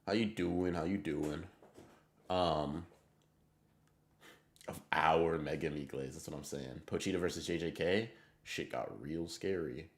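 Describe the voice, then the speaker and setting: A man streaming live, chatting casually and answering viewer messages in excitable, rambling bursts with a lot of swearing. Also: extremely low pitch, unhurried, long pauses. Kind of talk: casual livestream chat reading viewer messages.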